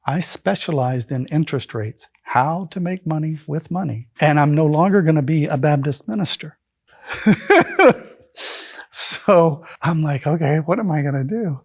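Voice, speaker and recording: A man in his fifties telling his own conversion story in an animated way, acting out the voices he quotes. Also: medium pitch, no room sound. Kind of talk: personal storytelling.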